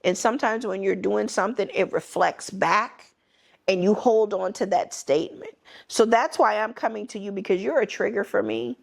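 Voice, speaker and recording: Blunt middle-aged woman with gravelly voice. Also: medium pitch, normal speed. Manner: blunt, emphatic and candid. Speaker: podcast host. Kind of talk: personal storytelling.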